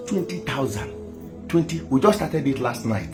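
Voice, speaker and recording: A man's voice: mid-range voice, very animated, moderate pace, over music. A Nigerian man making an impassioned online appeal to viewers, pleading and repeating himself with emphasis. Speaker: activist addressing viewers.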